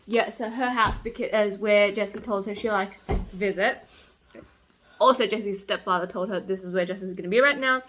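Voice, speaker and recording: A young woman talking about a book in a casual vlog. She is excitable, swears freely and says "like" a lot. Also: mid-range voice, moderate pace, a little hiss or hum. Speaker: book vlogger. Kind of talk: casual reading vlog chat.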